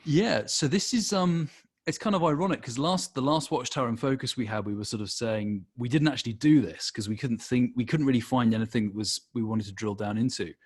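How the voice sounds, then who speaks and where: A man's voice: medium pitch, brisk, husky. A man co-hosting a podcast, running through a news roundup in a chatty, wry, self-deprecating way. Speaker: podcast co-host reading news segment.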